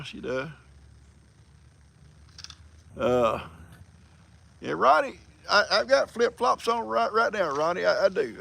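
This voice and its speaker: Folksy older man, very gravelly voice. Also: sits high, sharp tone. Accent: American country. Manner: folksy, rambling storyteller. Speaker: livestream host. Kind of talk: casual chat reading viewer comments.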